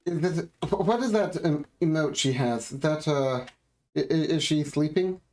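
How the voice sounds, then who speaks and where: A man's voice: fairly high pitch, moderate pace, darkish tone. Playful man chatting through a game. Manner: playful, easily distracted, questioning. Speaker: co-host. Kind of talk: casual gameplay chat and reading game text aloud.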